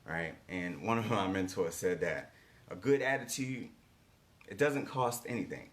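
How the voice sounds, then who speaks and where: A man's voice: low-pitched, lively intonation, unhurried. A man giving a motivational coaching talk, emphatic and repetitive, often checking in with rhetorical questions. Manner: emphatic, repeats key lines, rhetorical "right?" checks.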